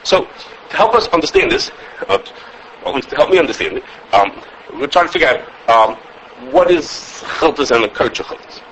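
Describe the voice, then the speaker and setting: A man giving a halacha class as a teacher, animated, often repeating words and checking with "okay?". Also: medium pitch, brisk, a little hiss or hum, low-quality recording. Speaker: Torah teacher.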